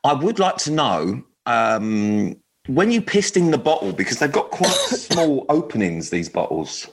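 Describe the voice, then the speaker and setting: A man's voice: medium pitch, sing-song, measured pace, husky. A young man hosting a radio dating show, jokey and rambling with many restarts. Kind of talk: casual banter on a radio podcast.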